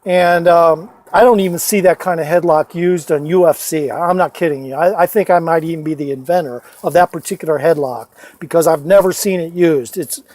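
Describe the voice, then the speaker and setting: A man telling rambling personal stories into his phone, swearing often and filling pauses with "uh" and "you know". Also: fairly high pitch, darkish tone, dry recording. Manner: profane, rambling, many fillers and restarts. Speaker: storyteller vlogger. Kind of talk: casual rambling storytelling.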